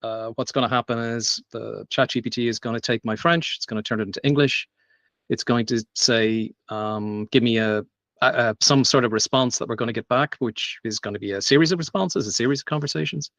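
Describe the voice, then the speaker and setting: A man's voice: medium pitch, a little fast, a bit bright, no echo. A man giving a live tech demo at a meetup, talking casually with frequent fillers and restarts. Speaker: meetup presenter. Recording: dry, dull lo-fi sound.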